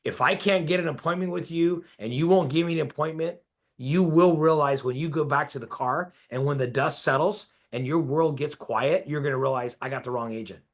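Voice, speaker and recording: A man's voice: a little high, moderate pace. Emphatic man coaching a group. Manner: emphatic, asks listeners for agreement. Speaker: real estate coach.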